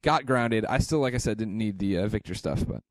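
A man's voice: lowish voice, fairly quick, no room sound. A man co-hosting a podcast in casual chat, joking and sarcastic. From San Francisco area. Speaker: podcast co-host.

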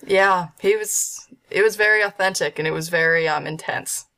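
Woman guest, hesitant talker with lots of fillers, a little low-pitched; casual interview chat. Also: normal speed, gravelly, pushed and bright. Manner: hesitant, many fillers and restarts. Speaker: voice actor guest. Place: at home with a dog.

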